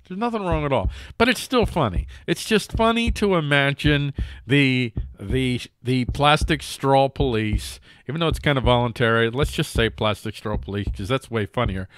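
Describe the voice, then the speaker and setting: A man's voice: mid-range voice, a bit bright, no echo, studio quality. A man hosting a news commentary show, rambling and jokey with many restarts. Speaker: host.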